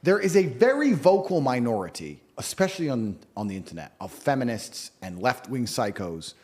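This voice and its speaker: Male guest, forceful opinions, lively and swinging delivery. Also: medium pitch, moderate pace. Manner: emphatic, sweeping claims, animated. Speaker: interview guest. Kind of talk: opinionated interview talk.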